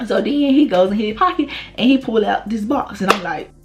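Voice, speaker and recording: A young woman vlogger tells a personal story. Her talk is blunt and profane, and she laughs often. Her pitch swings wide as she acts out the scene. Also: lively intonation, fairly quick, soft background music. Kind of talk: casual storytime.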